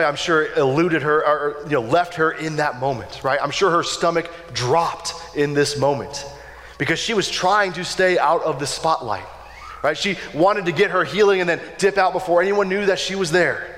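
Guy preaching casually, kinda high voice, lots of "right?", big echoey church sound. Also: a bit bright. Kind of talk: sermon. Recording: long hall reverb.

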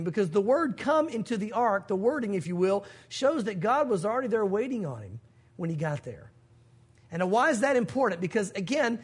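A man preaching a sermon as pastor, telling stories and acting out the voices of the people in them. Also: very high voice. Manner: storytelling, acting out quoted voices. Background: congregation.

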